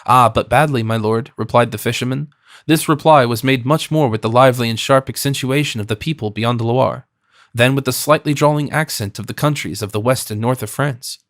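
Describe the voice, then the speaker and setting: A man narrates a classic novel in an even, steady storytelling voice. His pitch sits at a middle level. The recording is close and dry with no room sound. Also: fairly quick, dry recording. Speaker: audiobook narrator.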